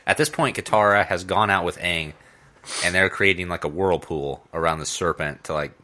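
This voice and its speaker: A man's voice: deep voice, moderate pace, pushed and bright. A young man co-hosting a podcast, retelling the plot in an easygoing, filler-heavy way. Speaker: podcast co-host. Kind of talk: casual recap chat.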